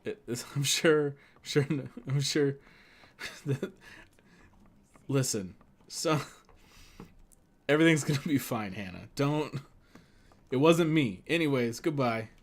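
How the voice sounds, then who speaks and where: A man's voice: mid-range voice, takes it slowly, long pauses. A man gives casual commentary while streaming a video game. He rambles in a chatty way and laughs often, with an ordinary, mid-range voice.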